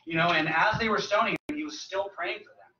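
Man preaching, bright tense voice, casual joking delivery, roomy distant church recording. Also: sits high, brisk, lo-fi sound, a little hiss or hum. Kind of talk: sermon. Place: church sanctuary.

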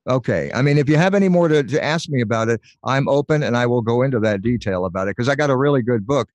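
A man's voice: mid-range voice, animated, quick pace, no room sound. A middle-aged man telling stories in a loose, rambling way, a voiceover pro chatting on a live stream. His voice sits mid-range, dry and close, with no room sound. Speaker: voiceover artist and guest. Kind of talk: casual chat on a live stream.

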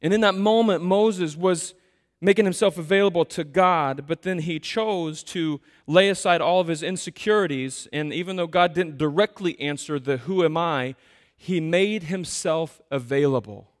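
Animated male pastor, reverberant church. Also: fairly high pitch, moderate pace. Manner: conversational, self-deprecating, animated storytelling. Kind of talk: sermon. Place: church sanctuary. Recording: long hall reverb.

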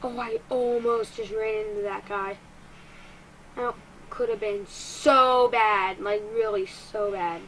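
A woman giving excitable let's-play commentary as a gaming YouTuber, quick to get frustrated and poking fun at herself. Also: mid-range voice, slight background noise, poor audio.

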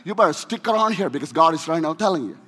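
A man with an Indian accent preaching a sermon, swinging between shouting and hushed delivery, with humorous asides. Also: on the high side, animated, rapid-fire, husky. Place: church sanctuary. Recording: long reverb of a church hall.

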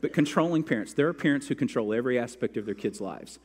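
A man's voice: medium pitch, animated, fast, husky. A man pastor delivering a sermon in a church sanctuary. His voice sits in the middle range, and a long reverb hangs after each phrase. He tells stories and acts out the quotes in them. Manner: storytelling with acted-out quotes.

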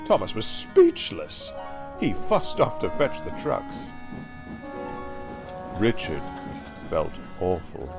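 A man narrating a storybook in an expressive storytelling manner. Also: on the low side.

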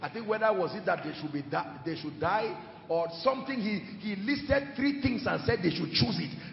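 Emphatic preacher in an echoing hall. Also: male voice, high-pitched, expressive, moderate pace, gravelly, muffled recording. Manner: emphatic, swings from shouted to hushed. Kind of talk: sermon. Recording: echoey hall with music behind.

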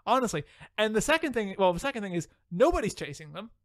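High-voiced podcast host, laughing often. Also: male voice, fast, dry recording. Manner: animated, laughs often, swears casually. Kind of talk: casual chat.

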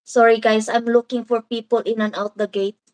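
A woman's voice: on the high side, little pitch movement, normal speed, a little mellow, rough recording. A woman from the Philippines with a Filipino accent, hosting a casual live stream and chatting through viewer comments in a rambling way, with Filipino words mixed in. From Philippines (Davao). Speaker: livestream host.

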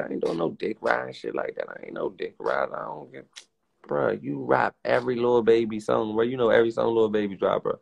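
A man's voice: medium pitch, vocal fry. A young man hosting a live stream, ranting in a casual, profane, emphatic way and mimicking other people's lines. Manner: acts out others' lines in quick put-on voices.

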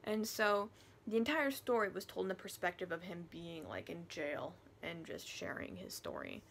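A woman talking through her monthly reading in a chatty, animated book review vlog, now and then dropping to a whisper. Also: lowish voice, normal speed, creaky, slight background noise.

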